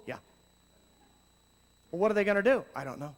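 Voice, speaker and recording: A high-pitched man preaches to youth workers with animated swings between loud cries and quiet asides. His voice rings out on a stage microphone with a long hall reverb behind it. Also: brisk, long pauses. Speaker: youth ministry speaker. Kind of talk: sermon.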